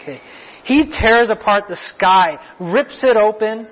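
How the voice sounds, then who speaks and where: Husky high-voiced man preaching a sermon. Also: a little slow. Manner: conversational, restarts and asides, joking. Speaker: pastor. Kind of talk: sermon teaching. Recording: muffled lo-fi recording.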